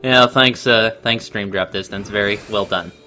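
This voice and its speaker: A man giving animated, laugh-filled commentary on a video game, sharing trivia along the way. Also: lowish voice, moderate pace, soft background music. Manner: animated, giggly, full of trivia. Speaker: let's play co-commentator. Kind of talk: casual gameplay commentary.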